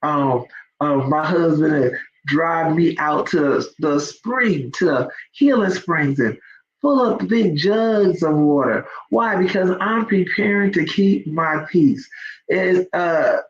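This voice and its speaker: A woman's voice: low voice, slow, lo-fi sound. A woman hosting a live faith talk for online listeners. She speaks conversationally with many ums and builds into emphatic exhortation.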